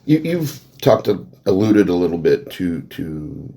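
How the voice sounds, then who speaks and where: A man hosting a podcast interview, asking halting questions with repeated words and encouraging replies. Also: low-pitched, sing-song, dark tone.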